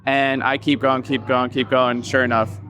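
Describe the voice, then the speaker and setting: A man's voice: mid-range voice, flat delivery, normal speed, sharp tone, a little hiss or hum. A man, a business founder interviewed as a guest, talking candidly and emotionally with many fillers and some swearing. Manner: rambling, many fillers and self-quotes. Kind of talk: candid reflective interview talk.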